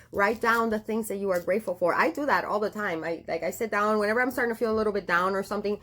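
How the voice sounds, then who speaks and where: A woman's voice: medium pitch, a little fast, fairly bright tone. A woman giving a casual tarot reading, chatty and affectionate, with many fillers and restarts. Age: adult with a daughter. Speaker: tarot reader.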